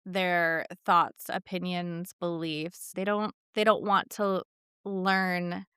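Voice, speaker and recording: A woman in her thirties co-hosting a podcast, speaking in a thoughtful, measured way in casual chat. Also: lowish voice, little pitch movement, bright, forceful tone, smooth, dry recording, studio quality. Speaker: podcast co-host.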